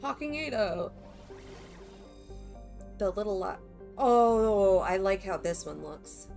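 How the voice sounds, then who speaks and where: A woman's voice: medium pitch, a little slow, gravelly, dark tone, soft background music. A woman streamer giving chatty, self-interrupting commentary while playing a game.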